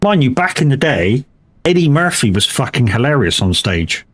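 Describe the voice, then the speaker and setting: A man's voice: medium pitch, sing-song, moderate pace, fairly bright tone. A man chatting casually during a live game stream, rambling and swearing freely with many restarts.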